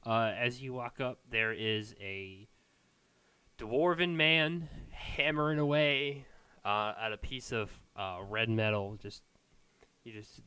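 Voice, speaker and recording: A man's voice: medium pitch, sharp tone, clean tone, dry recording. A man narrating a tabletop game as game master, casual and laughing, with many fillers.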